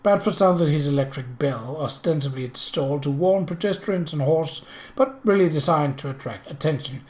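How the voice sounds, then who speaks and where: A man reading a mystery novel aloud, with measured storytelling narration. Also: on the high side.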